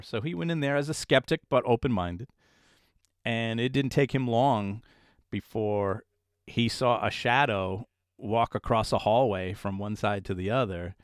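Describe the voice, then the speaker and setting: A little slow and mid-range in pitch, this man is a paranormal investigator telling stories in an interview. He keeps it casual and animated while voicing the people he quotes, with clean studio sound and no room sound.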